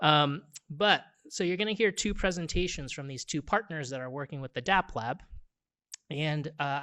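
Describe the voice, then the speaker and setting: A man's voice: a little high, fairly bright tone, no echo. Blunt man with a Boston accent. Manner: blunt, emphatic, frequent "right?". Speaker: symposium organizer introducing speakers. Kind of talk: conference talk.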